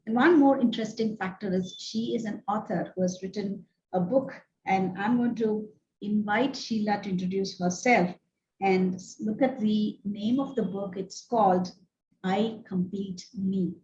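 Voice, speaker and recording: A woman's voice: mid-range voice, a little slow, warm tone. A woman hosting an interview show, talking earnestly with many fillers and repeated words. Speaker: host. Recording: roomy echo, dull lo-fi sound with faint noise.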